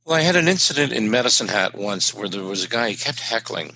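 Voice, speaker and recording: A middle-aged man from Canada spins wry stand-up anecdotes in relaxed podcast talk. His low voice has a bright, forward edge. A faint hum sits under the recording. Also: quick pace, gravelly, poor audio. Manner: anecdotal, wry, with punchline delivery. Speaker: stand-up comedian guest. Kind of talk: casual storytelling chat.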